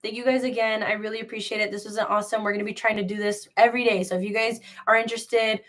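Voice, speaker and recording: A young woman is hosting a crochet live sale, her medium-pitched voice level in tone, a little bright, and racing along. She chats casually and frankly, rambling and gossiping with plenty of filler words and lots of "like."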